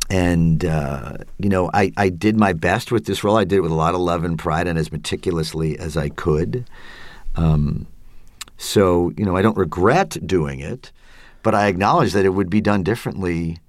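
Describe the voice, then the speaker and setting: A man's voice: low-pitched, moderate pace, no room sound. A middle-aged male actor, a guest in an interview, talking reflectively and hesitantly, with plenty of fillers. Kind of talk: casual interview talk.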